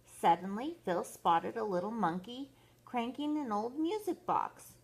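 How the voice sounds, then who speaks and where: An older woman, a grandmother, reading a bedtime story aloud to children in a gentle, expressive way. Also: fairly high pitch, measured pace, creaky, husky.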